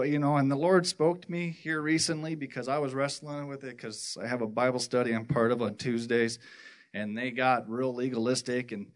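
A man from the worship team giving a personal testimony at church, rambling and halting with many restarts. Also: mid-range voice.

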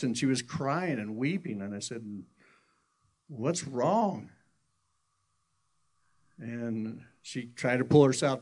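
A man's voice: mid-range voice, darkish tone. A middle-aged man preaching a sermon in a conversational, folksy storytelling way, often restarting his sentences. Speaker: pastor.

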